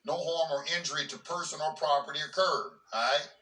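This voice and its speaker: Male host reading legal text aloud with casual asides. He sounds bright and a little high, and he is recorded in a roomy space away from the mic. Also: brisk, far from the mic. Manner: breaks off reading for plainspoken asides, repeats words when he restarts. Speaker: host of a legal commentary channel.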